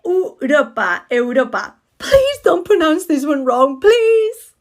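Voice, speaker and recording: A woman's voice: high voice, big pitch swings, slow pace. A woman giving a short pronunciation lesson, correcting words in an emphatic, playful way. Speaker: Spanish teacher.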